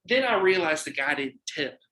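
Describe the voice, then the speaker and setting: Animated storytelling man, bright echoey voice. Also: fairly high pitch, normal speed. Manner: animated, acts out voices in his stories, swears freely. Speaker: podcast guest and delivery driver. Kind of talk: casual storytelling. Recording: echoey room.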